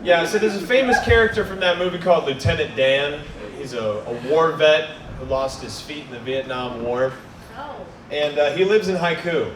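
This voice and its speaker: A man's voice: fairly high pitch, normal speed, crowd noise. A man performing a stand-up set, telling casual stories that build to crude punchlines. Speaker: stand-up comedian. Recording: echoey room, distant camera mic, noisy.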